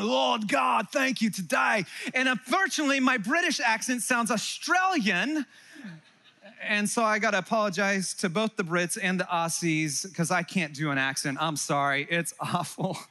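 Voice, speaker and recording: A middle-aged man from California preaching to his congregation in a bright, high voice. He talks with animated energy and jokes, turning often to his listeners with quick asides. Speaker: pastor. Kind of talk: sermon. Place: church hall before a live congregation.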